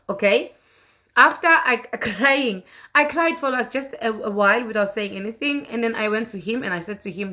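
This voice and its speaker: A woman's voice: on the high side, expressive, normal speed, pushed and bright. A woman vlogger in her thirties telling a personal story to camera, earnest and repeating herself with fillers.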